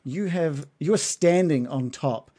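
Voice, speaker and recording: A man's voice: a little high, slow, warm tone. A man narrating a tabletop fantasy game as game master, rambling with lots of fillers.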